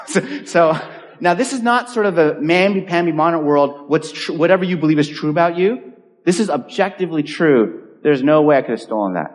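Speaking fairly quickly in a slightly high voice, a California pastor tells a story during his sermon and animatedly acts out its characters. The recording has long hall reverb.

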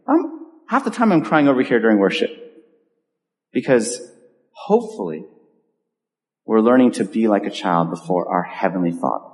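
A man preaching a sermon as pastor, earnest and pleading, his voice dropping softly at the ends of phrases. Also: lowish voice, big-room sound. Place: church sanctuary.

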